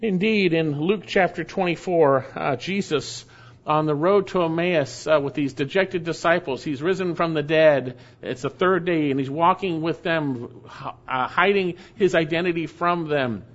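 Preaching an expository sermon, a pastor with a fairly high voice repeats key phrases to hammer them home. His pace drops sharply for emphasis before he rushes through quick asides, all on a dull, lo-fi recording.

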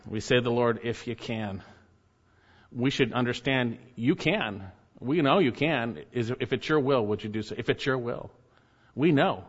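A man preaching a sermon, emphatic, his voice climbing high when he reads quoted lines. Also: normal speed, slightly rough, in a large hall, highs cut off. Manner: emphatic, rises sharply when reading quotes. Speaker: pastor.

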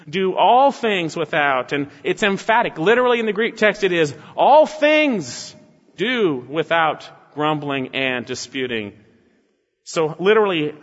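A male pastor with a fairly high voice delivers an emphatic expository sermon, driving his point home with repeated rhetorical questions and a tag of "right?". The sound carries a long hall echo and is slightly muffled. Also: fairly bright tone.

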